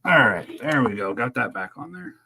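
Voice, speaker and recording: A man's voice: medium pitch, expressive, normal speed, creaky, sharp tone, slight background noise. A man casually chatting on a live stream, muttering and joking sarcastically as he fixes his camera and microphone. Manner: dry sarcastic asides while fumbling with gear. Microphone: desk microphone he keeps adjusting.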